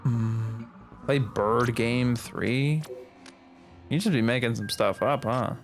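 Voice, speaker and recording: A man's voice: mid-range voice, steady tone, slow pace. Chatty male game streamer. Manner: chatty, rambling, playful exclamations. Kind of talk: casual gameplay commentary. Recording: music playing behind.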